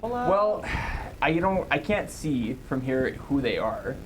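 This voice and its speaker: A man playing a tabletop game, chatting with a lively, swinging pitch. He laughs often and swears freely. Clear noise hums behind his voice. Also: slow. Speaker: player. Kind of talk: casual tabletop game chat.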